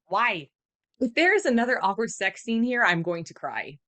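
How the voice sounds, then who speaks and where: A woman co-hosting a podcast, reading her notes in an expressive, exasperated way. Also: a little high, normal speed. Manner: expressive, exasperated, animated asides. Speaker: podcast co-host.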